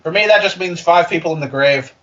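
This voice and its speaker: A man reading fan fiction aloud for comedy, with joking, deadpan asides. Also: a little high, brisk, muffled recording.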